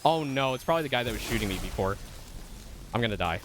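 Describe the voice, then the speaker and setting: This vtuber has a mid-range, slightly bright voice with lively intonation, and he talks fast; a little hiss or hum sits under the audio. While streaming a game, he chats casually and ramblingly with viewers, using lots of fillers and swearing often in heated moments.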